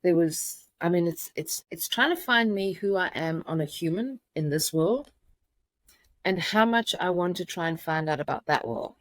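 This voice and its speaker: A middle-aged woman telling a personal story as an interview guest, halting with many restarts. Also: fairly low pitch, no echo.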